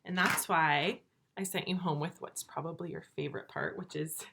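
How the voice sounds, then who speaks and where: A woman teaching first graders in a recorded video lesson, speaking slowly and clearly, stretching words out and asking patient, encouraging questions. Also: low voice, fairly even intonation, a bit bright. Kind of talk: remote video lesson for young children.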